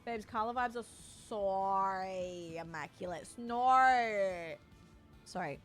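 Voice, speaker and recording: A young Australian woman streamer chats casually with her viewers while playing, playful and familiar, calling them "doll" and "babe." Her voice is medium-pitched, slow and fairly bright, with faint music in the background.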